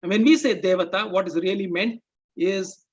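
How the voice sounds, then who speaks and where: Higher-voiced man giving a measured talk. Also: slightly rough, muffled recording. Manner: measured, explaining with rhetorical checks like "okay?" and "right?". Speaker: presenter. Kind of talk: explanatory talk.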